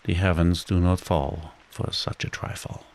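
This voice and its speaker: A man reading a bedtime story as scripted narration, soothing and unhurried. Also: low-pitched, level tone, creaky, low-quality recording.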